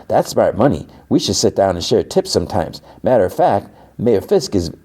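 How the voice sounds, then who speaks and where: A man's voice: on the low side, dark tone. A man voicing a sly male mayoral aide who speaks in a silky, falsely friendly way with veiled menace.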